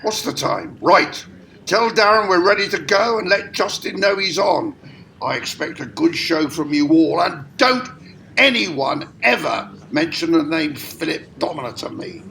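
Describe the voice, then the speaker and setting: A man's voice: fairly high pitch, lively intonation, unhurried, vocal fry, pushed and bright, a little hiss or hum, full character voice. An amateur actor playing an irritable male theatre director, curt and sardonic. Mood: exasperated.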